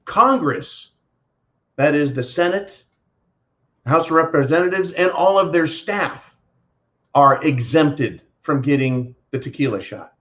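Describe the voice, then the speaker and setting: A man's voice: a little high, animated, measured pace, long pauses, fairly bright tone, lo-fi sound. A man hosting his own show, answering viewer comments in a profane, sarcastic political rant, mocking others with put-on voices. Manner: sarcastic, swearing, mocking voices when quoting.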